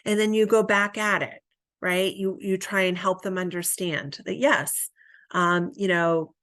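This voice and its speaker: A woman with a mid-range, slightly bright voice speaks at a measured pace with fairly even intonation in a recorded training lecture for counselors. Her style is conversational, she often tags statements with "right?", and she acts out sample lines a counselor and client might say.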